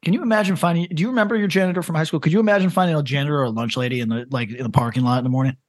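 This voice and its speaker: A man's voice: a little high, racing, dry recording. A man co-hosting a podcast in casual chat, rambling and laughing as he reads grim stories aloud. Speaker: podcast co-host.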